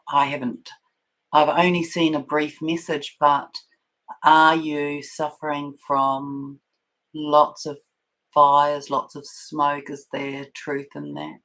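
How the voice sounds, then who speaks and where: A woman hosting a spiritual livestream, talking in a soft, meandering way with many fillers and restarts and reading out viewer comments. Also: sits low, poor audio. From New Zealand. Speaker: spiritual channel host.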